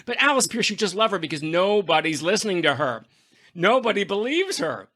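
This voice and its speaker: Male podcast host with a very bright, somewhat high voice. He tells stories with effusive enthusiasm in easy, casual chat. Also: very animated, fairly quick.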